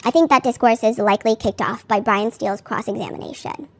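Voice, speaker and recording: High-voiced chatty woman podcaster. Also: a little fast, slight background noise. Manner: chatty, frequent "like" fillers, candid swearing. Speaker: podcast host. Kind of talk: casual commentary on a court case.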